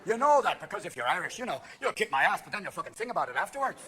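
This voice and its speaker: A man's voice: high-pitched, very animated, rapid-fire. A man doing stand-up comedy on a theater stage, manic and profane, jumping between voices. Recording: live show, loud audience noise.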